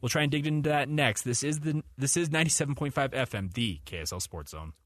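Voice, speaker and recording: A man hosting a sports radio show in a studio, bantering casually with animated, chuckling rants. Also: medium pitch, fast talker, no room sound.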